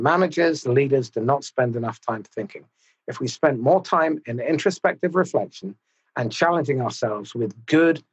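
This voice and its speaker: A man hosting a podcast, talking in a measured, thoughtful and slightly formal way. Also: medium pitch, husky, lo-fi sound. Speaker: podcast host. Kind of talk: reflective interview talk.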